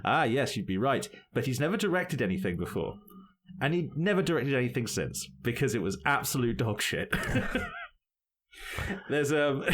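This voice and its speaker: A man's voice: mid-range voice, a bit bright. A man co-hosting a casual podcast, chatting loosely, laughing often and slipping into goofy put-on accents. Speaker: podcast co-host. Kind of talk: casual chat.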